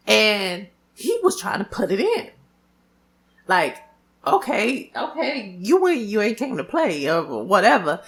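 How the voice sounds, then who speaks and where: Expressive, gravelly young woman vlogger. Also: medium pitch. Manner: loud, expressive, swearing freely, drawn-out exclamations. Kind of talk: casual storytelling to camera.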